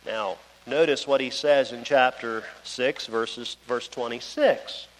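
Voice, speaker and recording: A man's voice: medium pitch, takes it slowly. A male preacher giving a sermon in a conversational, storytelling manner, recorded in a church or large hall. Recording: long hall reverb.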